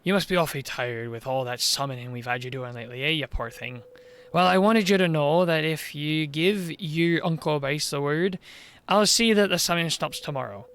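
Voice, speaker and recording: A man's voice: on the high side, normal speed, fairly bright tone, clean tone, voice pushed down. A man voicing a scheming middle-aged male village mayor in a video game, coaxing and wheedling with a put-on Welsh-style lilt. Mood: coaxing, sly.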